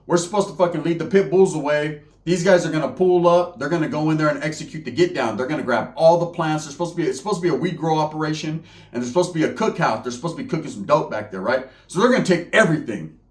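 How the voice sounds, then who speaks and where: A man's voice: a little high, fast talker, echoey room. Profane streetwise man telling a story. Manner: profane, streetwise slang, acts out the people in his story. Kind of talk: casual comedic storytelling.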